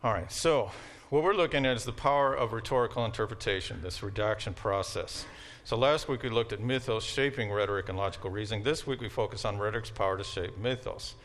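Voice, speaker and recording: A man with a Southern American accent giving a relaxed, conversational university lecture and often checking in with his students. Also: on the low side, fast. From Southern United States. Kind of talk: classroom lecture.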